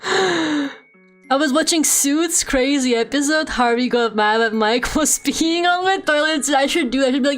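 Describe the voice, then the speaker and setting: Young woman, Russian accent, high voice, casual stream chat, laughs and swears, soft music underneath. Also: measured pace. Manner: animated, swears a lot, laughs often. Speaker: VTuber streamer. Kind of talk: casual live-stream chat while drawing. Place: home room.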